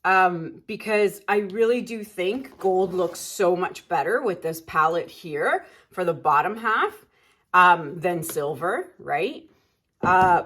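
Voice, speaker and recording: A woman's voice: fairly low pitch, a bit bright. Chatty woman painting and thinking aloud. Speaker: acrylic pour artist. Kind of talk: casual talk while painting.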